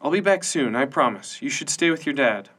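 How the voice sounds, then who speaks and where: A man's voice: mid-range voice, animated, fairly quick, a bit bright. A man voicing a stubborn, restless young woman reporter who talks in a tense, clipped way.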